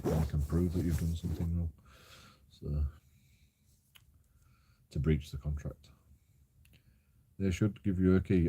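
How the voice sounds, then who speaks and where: A young man telling a sweary, animated story about his landlord. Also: sits low, a little slow, pauses often, slightly rough. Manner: sweary, animated, mimics others, laughs often. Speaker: vlogger. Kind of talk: casual storytelling rant.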